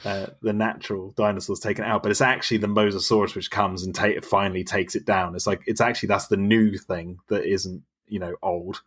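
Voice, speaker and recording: Casting: husky, lower-pitched man, enthusiastic film obsessive, rambling chat. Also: level tone, fairly quick, few pauses, a bit bright. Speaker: podcast guest. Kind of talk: casual chat.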